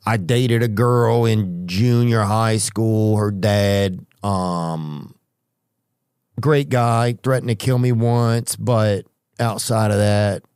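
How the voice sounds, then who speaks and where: A man's voice: lowish voice, slow, darkish tone, clean tone, no room sound, clean studio sound. A man hosting a podcast, telling comic stories in a rambling way with restarts and asides. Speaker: podcast host. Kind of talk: comedic storytelling monologue.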